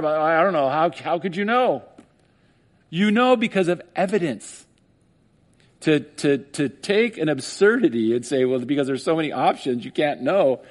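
Male pastor, higher-pitched, lively sermon delivery with mock voices. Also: normal speed. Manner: animated, acts out skeptics in mock voices, laughs often.

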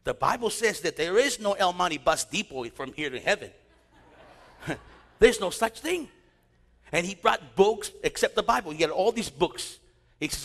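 A man preaching a sermon as pastor, telling stories and quoting scripture in an animated way. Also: sits high, fairly quick. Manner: animated preaching with storytelling asides. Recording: long hall reverb.

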